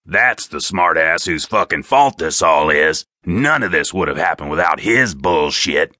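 A man voicing a gruff, foul-mouthed, arrogant adult man in an audiobook, in a low, scornful voice. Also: lively intonation, unhurried, bright, forceful tone, no echo, clean studio sound, heavily acted.

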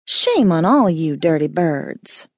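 A woman's voice: low-pitched, big pitch swings, slightly rough, no echo, studio quality, heavily acted. Woman voicing a hissing, drawling iguana. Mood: disapproving. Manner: slow, easy, hissing drawl. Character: sultry female iguana, prim and judgmental.

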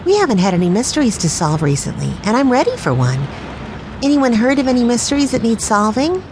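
A woman doing a brisk big sister. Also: fairly high pitch, big pitch swings, noisy background, voice pushed up. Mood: eager. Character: practical, organizing older sister girl.

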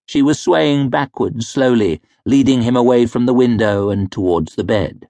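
A man narrating a fantasy novel in a measured, wry storytelling manner, close to a studio mic. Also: mid-range voice, mellow, no room sound. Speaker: audiobook narrator.

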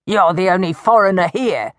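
A woman voicing a crude, indignant old village woman who shouts accusations in a coarse, shrill voice. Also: animated, moderate pace, dry recording, studio quality.

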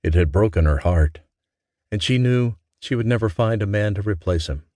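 A man reading a romance audiobook as narrator, in a gentle, measured way. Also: on the low side, expressive, no echo. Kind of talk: scripted narration.

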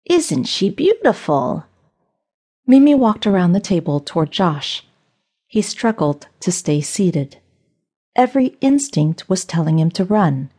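A woman narrating an audiobook for children in a steady, storytelling way. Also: fairly low pitch, breathy edge. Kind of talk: scripted narration.

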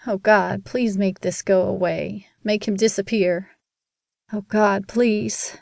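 A woman's voice: mid-range voice, fairly even intonation, slow pace, creaky, darkish tone, no echo. A woman narrator voicing a frightened little girl who cries and pleads, in a dry recording. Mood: praying. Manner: crying, pleading.

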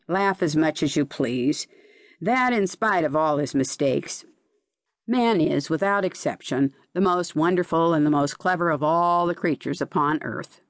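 A dignified, stubborn male bookworm, as a woman reader puts him on, lectures slowly and gravely in a lowered voice. Dry and close, with the pitch still rising and falling. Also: dry recording.

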